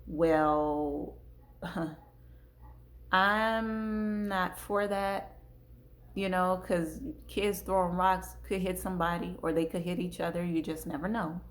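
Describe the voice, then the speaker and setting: A woman's voice: fairly low pitch, steady tone, measured pace. A woman hosting a parenting talk, speaking casually with features, acting out little example dialogues and circling back to her points. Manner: conversational, gives acted examples, repeats herself. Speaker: parenting channel host.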